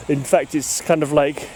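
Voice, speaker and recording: A slightly high-voiced man records a walking vlog, short of breath as he rambles. He swears freely and laughs at his own remarks. Faint traffic and city hum drift behind him outdoors. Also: a little mellow. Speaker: podcast host. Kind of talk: casual walking vlog monologue. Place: outdoors in an urban park.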